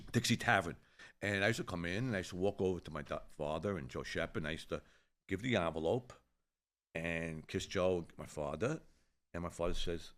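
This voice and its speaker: A man, telling an old neighborhood story in casual chat, swearing freely and acting out the people he quotes. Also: deep voice. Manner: rough-edged, swears freely, animated when quoting others. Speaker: show host telling a story.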